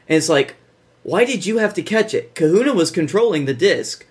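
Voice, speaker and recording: A man co-hosting a casual movie podcast, with a voice that sits a little high. He retells scenes in a dry, sardonic way and mimics what the characters say. His tone stays relaxed and mocking throughout. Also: moderate pace. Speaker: podcast co-host. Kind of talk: casual movie review chat.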